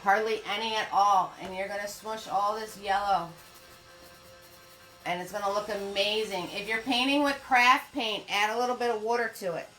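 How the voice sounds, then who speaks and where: A woman speaks at a normal pace with a medium, fairly bright voice and fairly even intonation as she teaches a live painting lesson. Chatty, she greets viewers by name and calls them sweetie or hon. The room is echoey, with faint music in the background.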